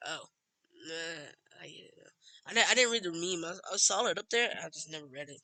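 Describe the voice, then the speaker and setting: A man's voice: on the high side, expressive, a little fast, sharp tone, dry recording, poor audio. A man reacting casually to a video, wondering aloud and puzzling over what he sees. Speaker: reaction host.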